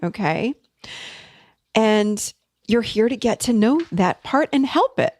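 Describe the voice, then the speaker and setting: A woman's voice: on the high side, lively intonation, darkish tone, no echo. A woman in her forties hosting a podcast, talking in an earnest, coaching way as a therapist. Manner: earnest, coaching, speeds up and slows down. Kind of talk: teaching podcast talk.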